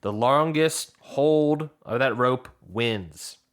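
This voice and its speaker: Animated man recapping a reality show. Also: medium pitch, drawn-out words. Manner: animated retelling, acting out the players' lines. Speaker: podcast co-host. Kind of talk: casual recap chat.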